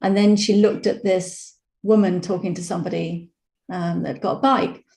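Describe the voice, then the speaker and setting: Calm reflective woman on a roomy call. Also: lowish voice, normal speed, gravelly. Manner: calm, reflective storytelling with many fillers. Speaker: program participant sharing a story. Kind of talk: casual personal sharing on a video call. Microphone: video call microphone. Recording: roomy echoey video call audio.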